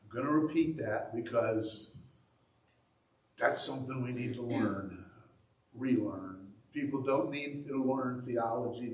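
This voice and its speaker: Earnest pastor preaching in an echoey room. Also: male voice, medium pitch, measured pace, darkish tone, recorded from a distance. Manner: earnest, with dry sarcasm. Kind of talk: sermon.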